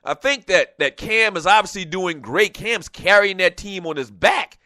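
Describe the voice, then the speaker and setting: Chatty talk radio host, bright voice. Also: male voice, sits high, animated, moderate pace, no room sound, clean studio sound. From Lowcountry South Carolina. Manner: rambling, chatty, laughs often. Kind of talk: casual talk radio monologue.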